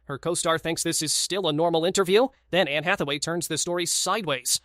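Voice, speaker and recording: A man's voice: a little high, fairly quick, a loud crowd. A man giving short, punchy scripted voice-over narration for a celebrity clip compilation. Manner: short punchy commentary lines. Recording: loud background noise.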